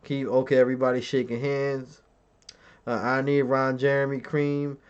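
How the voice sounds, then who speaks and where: A man's voice: medium pitch, little pitch movement, normal speed, clear, resonant tone, highs cut off. Joking, boastful man streaming to chat. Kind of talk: casual live-stream chat.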